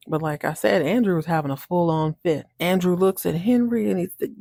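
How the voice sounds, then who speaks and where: A woman hosting a podcast, recapping a TV episode in an animated, chatty way, acting out the characters' lines and laughing often. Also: fairly low pitch, brisk, vocal fry, hardly any pauses, dry recording, studio quality. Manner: animated, acts out characters' lines in shifting voices. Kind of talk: casual recap monologue.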